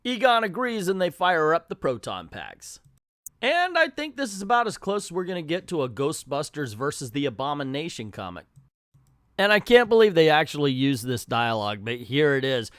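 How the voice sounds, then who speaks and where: Wry man with a lively, dry voice. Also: medium pitch, moderate pace, clear, resonant tone, dry recording. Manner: wry, sarcastic running commentary. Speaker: comic book reviewer. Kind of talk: casual spoken comic review.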